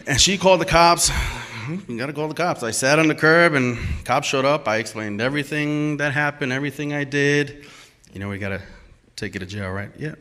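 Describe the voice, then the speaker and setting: Bright-voiced man telling a story on stage. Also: a little high, brisk. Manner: animated, emphatic, acts out quoted dialogue. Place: stage at a live storytelling event.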